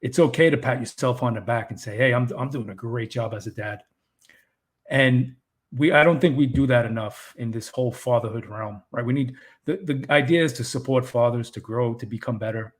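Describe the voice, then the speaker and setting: A man's voice: mid-range voice, fairly quick. Earnest man talking about fatherhood. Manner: earnest and encouraging, with frequent restarts. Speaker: podcast co-host. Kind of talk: casual chat.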